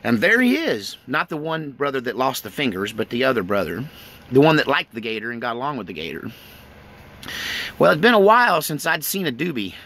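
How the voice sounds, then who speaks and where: A man's voice: medium pitch, sing-song, brisk, fairly bright tone, slight background noise. A man from East Texas telling a rambling story in a casual way, chuckling between lines.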